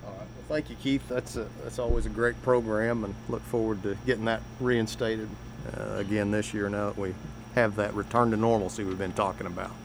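A man's voice: lowish voice, steady tone, a little fast, background noise. Friendly man moderating a radio segment. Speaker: city spokesman moderating the segment.

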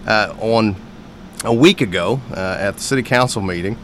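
A man, a city official chatting on local radio, halting with many fillers and quick to laugh. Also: lowish voice, a bit bright, slight background noise. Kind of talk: casual radio chat.

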